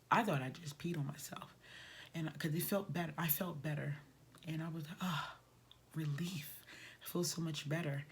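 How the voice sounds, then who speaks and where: A woman's voice: deep voice, a little mellow, a little hiss or hum. A woman vlogger telling a personal story in a casual, conversational way, sometimes dropping to a near whisper.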